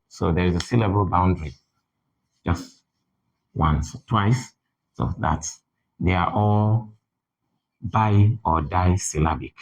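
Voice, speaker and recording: A man teaching English pronunciation, repeating example words slowly with exaggerated stress. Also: deep voice, rough recording. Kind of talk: spoken phonetics lesson.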